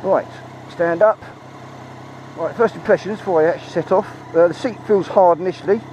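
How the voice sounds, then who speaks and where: A man giving a chatty, excitable ride-along review of a motorbike, swearing freely, talking into a helmet mic outdoors. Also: high-pitched, a little fast. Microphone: helmet-mounted mic. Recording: muffled, engine and road noise.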